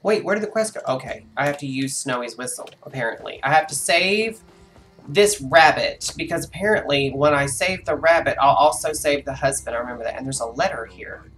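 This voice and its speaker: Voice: medium pitch, brisk, fairly bright tone, soft background music. A live-streaming gamer giving casual commentary to viewers, narrating moves aloud, swearing freely at setbacks and laughing the frustration off. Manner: narrates own moves aloud, chatty and exclamatory.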